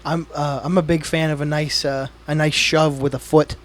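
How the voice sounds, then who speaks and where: A man's voice: a little high, little pitch movement, normal speed. Wisecracking man in podcast banter. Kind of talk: casual podcast chat.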